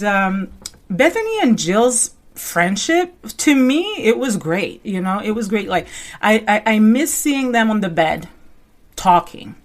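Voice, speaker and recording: A woman hosting casual commentary, talking in a loose, rambling way full of fillers and asides. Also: medium pitch. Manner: rambling and conversational, full of "you know" and "like"; animated storyteller who acts out quotes. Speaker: reality TV commentary host.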